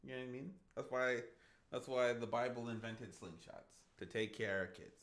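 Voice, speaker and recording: A man's voice: medium pitch, moderate pace, fairly bright tone, roomy sound. A man in his thirties, a gaming streamer, telling a long rambling story in casual livestream chat, often restarting his sentences. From Idaho, USA.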